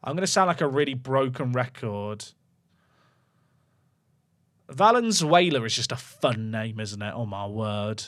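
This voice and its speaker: Male streamer, casual running commentary, mid-pitched. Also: expressive, measured pace, pauses often, fairly bright tone. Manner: musing aloud, chatting to viewers. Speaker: gaming streamer.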